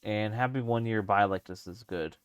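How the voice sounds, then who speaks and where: A man's voice: on the low side, moderate pace, smooth, no echo, clean studio sound. A man streaming a let's play, rambling casually as he thinks aloud with lots of fillers. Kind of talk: casual let's-play commentary while gaming.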